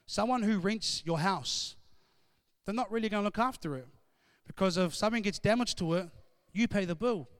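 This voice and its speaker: High-voiced male preacher. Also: moderate pace, no echo, clean studio sound. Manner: rising to loud, emphatic call-and-response; conversational storytelling. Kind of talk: sermon.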